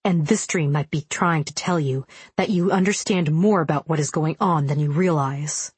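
A man's voice: a little high, normal speed, slightly rough, no room sound. A woman reading the part of a thoughtful, helpful man who explains things in a storybook. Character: thoughtful, helpful male friend.

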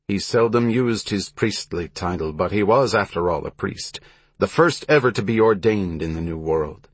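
A man reading a historical story aloud in measured, even scripted narration. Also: low-pitched, husky, dry recording.

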